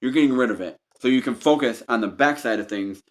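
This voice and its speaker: A fast-talking man with a mid-range voice gives an off-the-cuff tarot reading aimed right at "you." His delivery is repetitive and meandering, full of restarted phrases.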